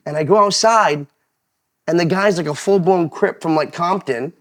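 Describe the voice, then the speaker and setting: A man co-hosting a podcast, pushing an excitable, profane story in casual chat. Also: on the high side, normal speed. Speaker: podcast co-host.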